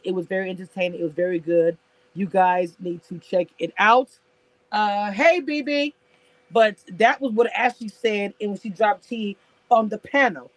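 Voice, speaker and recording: A woman's voice: mid-range voice, no echo, rough recording. Sassy woman chatting to her live viewers. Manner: sassy, laughs often, talks to viewers in chat. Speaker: reality TV commentator on a live stream. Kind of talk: casual live-stream chat.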